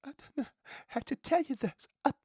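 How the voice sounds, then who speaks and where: A man in breathy falsetto as a gushing young woman. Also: moderate pace, dark tone, dry recording, studio quality.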